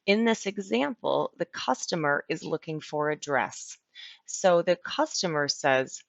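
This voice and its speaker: Patiently repeating every word at an unhurried pace, a woman ESL teacher walks through a clear vocabulary lesson. Her voice is fairly low and gravelly yet animated and a little bright, captured in a dry, dull, slightly muffled lo-fi recording.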